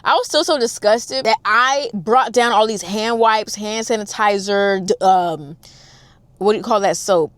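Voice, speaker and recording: A woman in her twenties telling a storytime vlog in a dramatic, animated, chatty way, talking straight to her audience. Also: mid-range voice, measured pace, no echo. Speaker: storytime vlogger.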